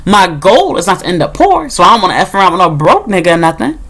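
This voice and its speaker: A woman's voice: on the low side, sing-song, fast, a bit bright, slightly rough. A woman from the United States ranting in a casual vlog, blunt and sarcastic, swearing often and mimicking others. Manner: blunt, profane and sarcastic, mocking others in put-on voices. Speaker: vlogger. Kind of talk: casual storytime rant.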